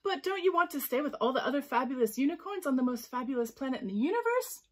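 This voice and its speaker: Woman reader doing young mermaid, gentle, soft, breathy. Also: mid-range voice, steady tone, fast talker, natural voice. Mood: puzzled.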